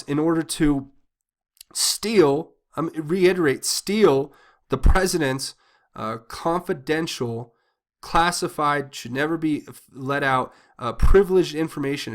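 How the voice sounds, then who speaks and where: A man's voice: on the high side, a little slow. A man hosting a political commentary channel, speaking in an agitated, indignant monologue with frequent restarts and repetitions. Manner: agitated, indignant, repeats himself with many restarts.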